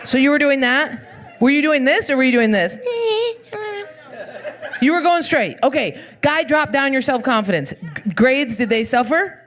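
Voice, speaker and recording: A woman's voice: sits high, lively intonation, moderate pace, long pauses, fairly bright tone. A young woman doing a stand-up comedy set, brash and crude, chatting with the audience from a club stage. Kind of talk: stand-up set with crowd work. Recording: noisy live club recording. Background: audience laughter.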